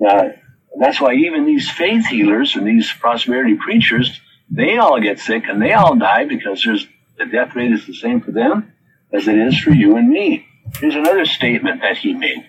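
A man's voice: mid-range voice, wildly swooping pitch, moderate pace, gravelly, highs cut off, a little hiss or hum. A man preaching a sermon who reads quotes from his notes and then answers them with pointed questions.

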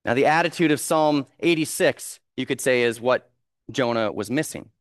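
A man preaching a sermon, reading scripture in a slow, earnest, emphatic way. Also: mid-range voice, no echo, studio quality. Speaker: pastor.

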